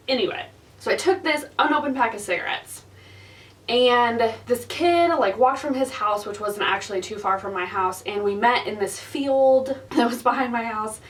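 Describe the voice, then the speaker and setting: A woman's voice: fairly high pitch, normal speed, distant mic, rough recording. A young woman vlogger telling a story in a casual, chatty way, full of fillers and laughs.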